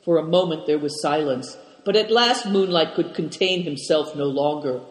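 A man reading a novel aloud as steady storybook narration. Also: on the high side, normal speed. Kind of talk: scripted narration. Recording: echoey room.

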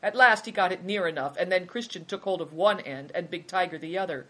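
Audiobook narrator, steady storytelling, husky voice. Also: medium pitch, a little fast.

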